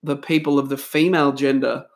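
A man's voice: medium pitch, flat delivery, fairly quick. A man hosting a church podcast, chatting casually, teasing his guest and laughing often. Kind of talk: casual chat.

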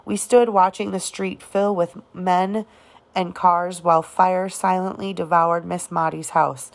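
A woman narrating an audiobook of a novel, reading in a halting way with occasional restarts on words. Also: on the low side, little pitch movement, gravelly. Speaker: audiobook reader.

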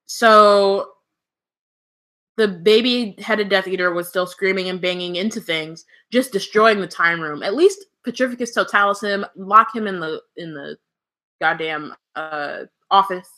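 Her medium-pitched voice is bright and forceful, and she takes her time as she reads passages for the book podcast she co-hosts. She laughs a lot, swears freely, and drops many "um"s into the casual, joking conversation between readings.

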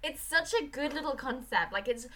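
An enthusiastic woman co-host in casual conversation who breaks into laughter often. Her voice is bright and sharp, pitched somewhat high. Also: expressive, moderate pace. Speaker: podcast co-host. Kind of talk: casual chat.

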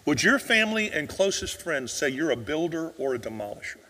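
High bright-voiced man preaching in a hall. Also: big pitch swings, brisk. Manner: preaching with rhetorical questions, dropping to near whisper for emphasis. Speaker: pastor. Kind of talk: sermon.

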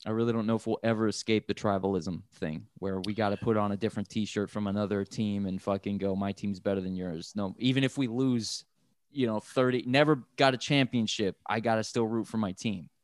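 A man's voice: lowish voice, fairly quick, no echo. An American man co-hosting a casual podcast chat, rambling and swearing as he talks. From United States. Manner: profane, rambling, animated. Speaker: podcast co-host.

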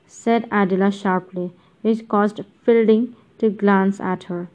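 A woman's voice: mid-range voice, fairly even intonation, slow pace, hardly any pauses, darkish tone, rough recording. Woman reading a literary audiobook. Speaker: audiobook narrator.

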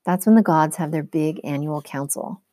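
An earnest teen demigod girl, urgent and frustrated, voiced by a woman reading aloud. Her tone is low-set and mellow, with a dry, close sound. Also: normal speed, no room sound, close to an everyday voice.

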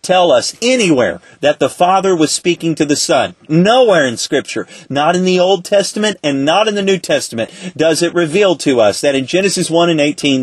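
A man teaching a Bible study lesson in a conversational way, asking rhetorical questions and slowing down to quote scripture. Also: fairly high pitch, dry recording.

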